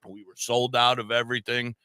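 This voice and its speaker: A man in his forties with a Long Island, New York accent co-hosts a podcast, telling a long, rambling story, swearing casually and restarting sentences. His medium-pitched voice is flat, fairly quick, pushed, bright, and smooth, with no room sound.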